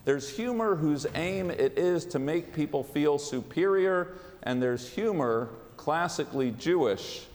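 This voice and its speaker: A man giving a sermon as a rabbi, with a measured, wry delivery. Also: a little high, expressive, darkish tone. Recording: long hall reverb.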